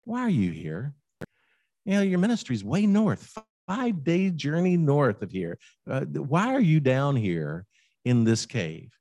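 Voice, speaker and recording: A man preaching voices God as a calm, searching figure gently asking questions. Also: fairly high pitch, unhurried, no room sound, exaggerated voice. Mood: gently probing.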